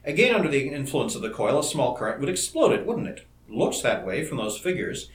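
A man reading the part of an eager, excitable young scientist in an audiobook, in a roomy-sounding recording. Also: medium pitch. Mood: excited. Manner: eager, rapid enthusiasm. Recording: roomy echo.

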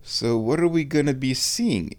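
A man hosting a show on his own, thinking aloud in an excitable, self-mocking ramble. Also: medium pitch, moderate pace. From United States. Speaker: podcast host. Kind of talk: rambling solo chat.

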